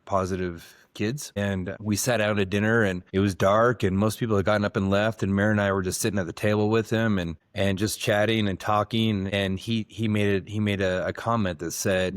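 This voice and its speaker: A middle-aged man, a dentist co-hosting a podcast, telling stories in a warm, sincere way with halting restarts. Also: on the low side, steady tone, dry recording, clean studio sound. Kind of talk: reflective podcast conversation.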